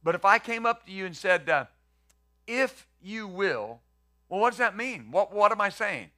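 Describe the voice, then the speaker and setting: A man's voice: high-pitched, animated, brisk, sharp tone. A male pastor preaching a conversational sermon, acting out the quotes he reads and the questions he poses.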